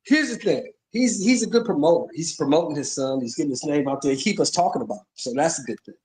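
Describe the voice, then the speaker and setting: A man's voice: a little high, expressive, fast talker, a little mellow, rough recording. A man co-hosting a boxing talk show, speaking emphatically and agreeing with the host.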